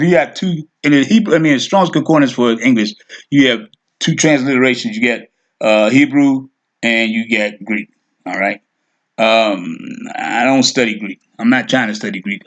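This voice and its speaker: Male teacher, mid-pitched, informal and unscripted; narrates his screen as he goes. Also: fairly bright tone, highs cut off. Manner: thinks aloud, fills with okay and all right. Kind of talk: screen-share lesson.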